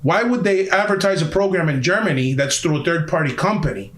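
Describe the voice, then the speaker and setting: A man's voice: a little high, animated, a little fast, fairly bright tone, roomy sound. A man telling a story on a podcast in a heated, emphatic way, swearing often. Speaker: podcast guest. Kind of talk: casual storytelling.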